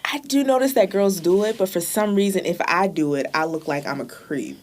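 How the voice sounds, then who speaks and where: Woman podcast co-host, casual chat, teasing deadpan jokes, lowish voice, very lively pitch. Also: a little fast.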